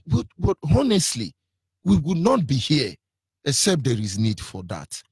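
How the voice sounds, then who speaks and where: A man's voice: on the high side, sing-song, moderate pace, husky, no room sound, clean studio sound. A man with a Nigerian accent giving an impassioned, preacherly radio talk, fiery and defiant. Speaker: radio broadcaster.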